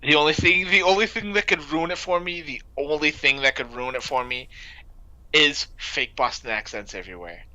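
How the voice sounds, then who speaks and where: A young man rambles through a casual gaming podcast, padding nearly every phrase with "like." His voice is strikingly bright and sharp, and it is recorded dry and close. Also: a little high, normal speed, dry recording, rough recording. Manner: rambling, fills talk with "like". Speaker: podcast co-host. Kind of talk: casual chat.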